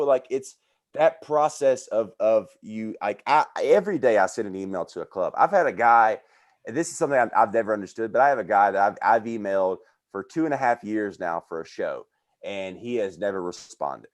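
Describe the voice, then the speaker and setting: Animated man telling comedy-career stories. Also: fairly low pitch, normal speed. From American South. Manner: animated storyteller who acts out quoted voices. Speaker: comedian guest. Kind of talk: casual podcast storytelling.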